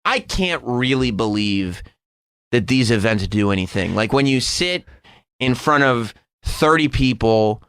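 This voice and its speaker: A man in his thirties co-hosting a casual talk show, earnest and animated. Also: medium pitch, unhurried, clean tone, dry recording, studio quality. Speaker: co-host.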